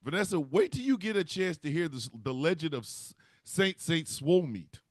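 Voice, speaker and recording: A man telling a comic story in an animated, profane, rambling way. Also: a little high, a little fast, no echo, clean studio sound. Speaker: comedian host.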